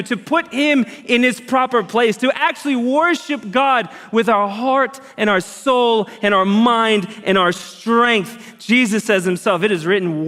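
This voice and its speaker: A man preaching a sermon as a pastor, earnest and conversational, with lively emphasis. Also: very high-pitched. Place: church auditorium. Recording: long hall reverb.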